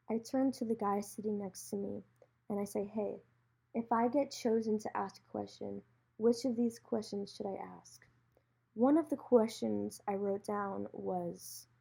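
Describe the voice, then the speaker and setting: Husky, gravelly-voiced young woman telling a story. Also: mid-range voice. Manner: animated storyteller, acts out quoted lines. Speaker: podcast host. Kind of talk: solo storytelling podcast.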